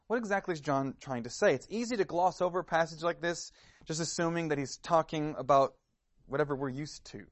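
A man's voice: fairly high pitch, fairly quick, dry recording. A man preaching a sermon, earnest and questioning, sometimes repeating words as he starts a phrase. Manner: earnest, searching questions, some stammered repeats.

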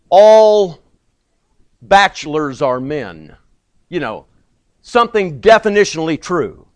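A man preaching a sermon with emphatic stresses, quiet asides and small restarts. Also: high-pitched, dry recording. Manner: pauses and repeats words as he goes.

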